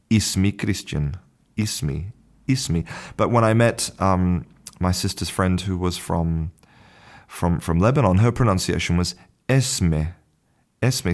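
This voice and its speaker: A man hosting a language podcast, teaching pronunciation in a casual, thinking-aloud monologue with frequent restarts and chuckles. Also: low voice.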